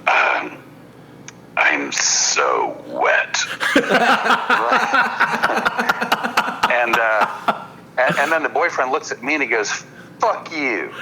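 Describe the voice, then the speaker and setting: A man with a very bright, sharp-edged voice tells a story as a podcast guest. He stumbles and doubles back on his words as he goes, and a faint noise sits under the recording. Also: medium pitch, poor audio. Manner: halting, repeats words while building a story; apologetic, checks in with listeners. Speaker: podcast guest, hypnotist comedian. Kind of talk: casual anecdote-telling on a podcast.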